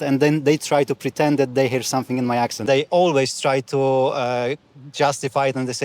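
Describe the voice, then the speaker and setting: A man's voice: medium pitch, steady tone, fairly quick, darkish tone. A man telling an amused, wry anecdote. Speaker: interviewee. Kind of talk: casual anecdote.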